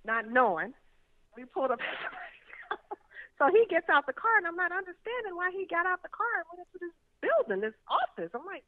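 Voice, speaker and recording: A woman guest telling candid stories with a blunt, lively manner, often laughing, heard over a phone call. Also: very high voice, quick pace, no echo. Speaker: interview guest. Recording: tinny phone line.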